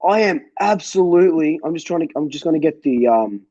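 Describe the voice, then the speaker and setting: A man ranting furiously about a football match, swearing, repeating himself and shouting. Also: on the high side, animated, a little fast, dry recording, highs cut off. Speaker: football fan vlogger. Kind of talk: angry fan rant.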